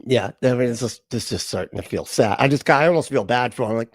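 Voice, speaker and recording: A man's voice: medium pitch, a little fast, dry recording. Male reaction streamer, sarcastic, laughs a lot, dry close-mic sound. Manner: sarcastic, laughs often, puts on silly voices. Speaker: livestream reaction host. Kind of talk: casual mocking commentary.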